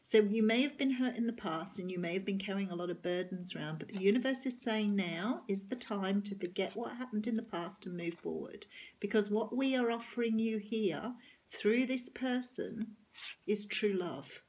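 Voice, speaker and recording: A middle-aged Australian woman reads tarot cards to the viewer in a husky, breathy voice. She speaks earnestly and with emphasis, offering reassurance as she explains each card. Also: medium pitch, normal speed, darkish tone. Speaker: tarot reader. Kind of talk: tarot reading to camera.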